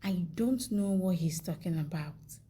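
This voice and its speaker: A woman voicing a hurt, bewildered young wife in a soap opera recap, in her own husky voice. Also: fairly low pitch, a little slow, warm tone.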